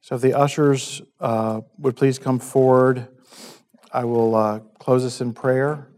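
A man preaching a communion sermon as pastor in a church, earnest and unhurried, with frequent ums and scripture read aloud. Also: mid-range voice, fairly even intonation, a little mellow. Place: church sanctuary.

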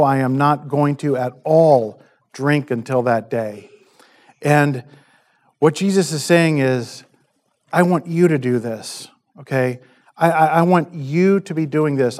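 A man preaching a communion sermon as pastor in a church, earnest and unhurried, with frequent ums and scripture read aloud. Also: medium pitch, darkish tone. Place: church sanctuary.

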